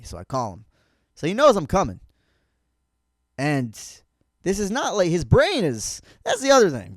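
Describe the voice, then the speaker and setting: A man hosting a podcast, talking in a rambling, sardonic comedic monologue with lots of restarts, turning softer and halting when he gets personal. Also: no room sound, studio quality. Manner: sardonic, rambling, pitch swooping up and down. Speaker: podcast host.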